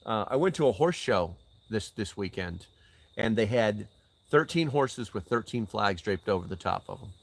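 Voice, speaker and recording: This gravelly, lowish male voice belongs to an older man answering live chat on his channel during a casual fireside stream outdoors. He talks at a normal speed and sounds animated, swearing freely and driving points with pointed rhetorical questions.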